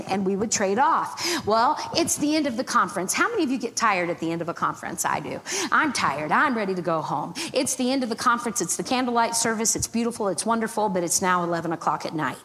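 A middle-aged woman preaching as a guest minister, telling stories lively and acting out her own thoughts. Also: medium pitch. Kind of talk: storytelling sermon. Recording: long hall reverb, faint background noise.

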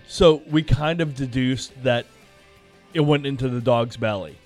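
A man's voice: mid-range voice, measured pace, a little mellow, faint music behind. A man hosting a podcast, telling stories in casual chat, laid-back and freely swearing. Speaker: podcast host.

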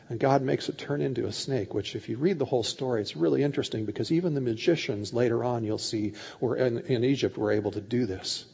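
A male pastor giving a sermon, retelling scripture in lively paraphrase with animated voices for the characters and often repeating words as he starts sentences. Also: medium pitch, husky. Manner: animated storytelling, voices God and Moses in casual paraphrase. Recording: dull lo-fi sound with long hall reverb.

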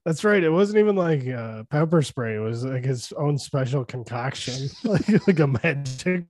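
A man's voice: mid-range voice, lively intonation, moderate pace, darkish tone, no room sound. A man co-hosting a podcast, breaking down a movie in loose, profane chat and laughing often. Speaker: podcast co-host.

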